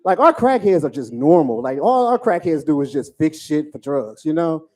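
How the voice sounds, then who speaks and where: A man in his forties doing a profane stand-up comedy set, telling stories with animated asides. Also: a little high, normal speed. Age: 40s.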